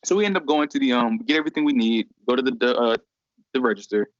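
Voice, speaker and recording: A man's voice: mid-range voice, fast talker, no echo. Young man telling a story, dull lo-fi sound. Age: young adult. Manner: animated, acts out voices in quotes. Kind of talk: casual storytelling. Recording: dry, dull lo-fi recording.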